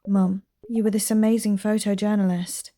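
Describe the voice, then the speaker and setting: A woman voicing a gentle, earnest grown daughter, reading game dialogue aloud. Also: mid-range voice, little pitch movement, normal speed, close to an everyday voice.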